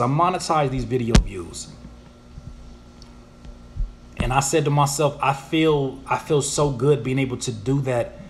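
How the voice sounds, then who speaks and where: A man hosting a casual live Q&A, reading viewers' questions aloud and answering in an animated, slangy way. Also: on the high side, moderate pace, a little hiss or hum. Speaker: YouTuber and music producer answering viewer questions.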